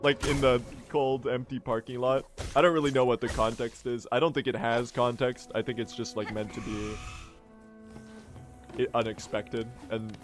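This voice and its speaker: A man's voice: mid-range voice, fairly even intonation, normal speed, over music. A man in his twenties chatting casually and swearing while streaming a game speedrun. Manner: chatty, joking, swears often.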